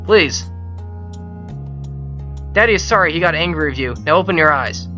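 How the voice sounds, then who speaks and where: A man's voice: on the high side, expressive, normal speed, faint music behind. A man reading a grief-stricken, pleading father. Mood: frantic. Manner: pleading, breaking into desperate shouts. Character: grief-stricken father begging for his dying son.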